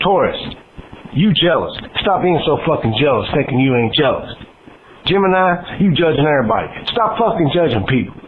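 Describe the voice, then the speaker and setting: A man's voice: a little high, big pitch swings, a little fast. Man ranting profanely over a tinny line. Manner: profane, blunt, scolding. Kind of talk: comedic horoscope rant. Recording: tinny phone-like line with faint noise.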